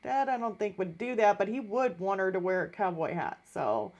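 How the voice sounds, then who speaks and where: A woman's voice: medium pitch, expressive, normal speed, darkish tone, highs cut off. A middle-aged woman hosting a live art stream, telling a story in casual chat and acting out the voices of the people in it.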